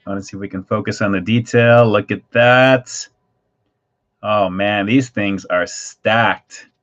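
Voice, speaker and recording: A man hosting a livestream snack review, chatty and excitable as he tastes and describes food. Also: lowish voice, measured pace, dull audio.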